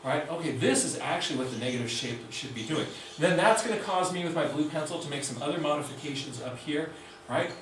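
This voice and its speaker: A man's voice: fairly high pitch, lively intonation, fairly quick, fairly bright tone. Enthusiastic man teaching drawing, far from mic. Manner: enthusiastic, conversational, acts out inner voices. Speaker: nature drawing instructor. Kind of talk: lively teaching talk. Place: club meeting room. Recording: echoey room, mic far off, faint hiss.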